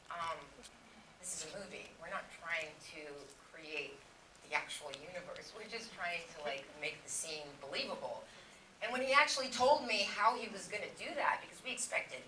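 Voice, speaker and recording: A woman speaking as the guest actress in a casual interview, chatting in an animated, storytelling way. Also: sits low, fairly quick. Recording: roomy, distant mic, noisy ambience.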